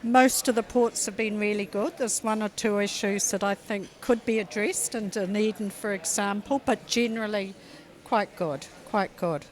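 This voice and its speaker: Female cruise passenger from New Zealand, mid pitch, measured interview replies. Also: fairly even intonation. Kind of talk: on-the-spot interview answers.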